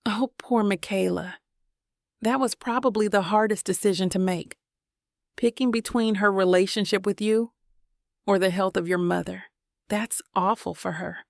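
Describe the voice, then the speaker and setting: A woman reading the lines of a kind young man who speaks calmly and with compassion. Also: medium pitch, moderate pace, vocal fry, no echo, clean studio sound, natural voice. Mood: gentle. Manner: calm, gentle, compassionate.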